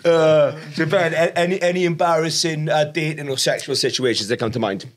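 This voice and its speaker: A man's voice: on the high side, steady tone. A man hosting a podcast, asking questions with many fillers and restarts. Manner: halting, lots of fillers and restarts. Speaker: podcast host. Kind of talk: casual chat.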